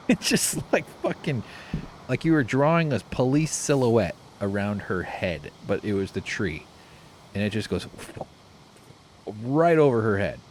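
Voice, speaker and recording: A man telling a rambling story while playing a game, swearing freely and doing loud impressions. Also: on the low side, a little hiss or hum. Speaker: streamer. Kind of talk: casual gameplay commentary. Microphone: desk mic with face cam.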